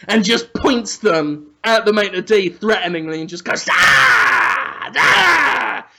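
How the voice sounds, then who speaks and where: High-voiced man telling a crude comic story. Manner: animated, crude, absurd. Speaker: podcast co-host. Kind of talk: casual comedic storytelling.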